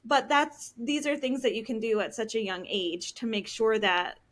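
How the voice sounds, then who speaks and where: As a podcast guest, a woman counselor in her thirties earnestly explains her points, peppering them with ums. She is licensed, and her fairly high, slightly bright voice stays fairly even at a moderate pace.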